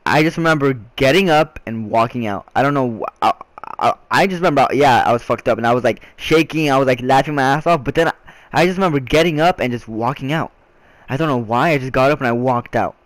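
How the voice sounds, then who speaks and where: Young male vlogger, casual rambling storytelling, mid-pitched voice, dry recording. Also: dry recording. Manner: rambling, frequent restarts and filler words.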